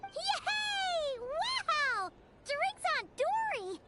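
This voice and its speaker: A woman voicing a tiny, excitable female fairy companion in a video game, childlike and pleading. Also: very high-pitched, extremely slow, heavy background noise, exaggerated voice. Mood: eager. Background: game music.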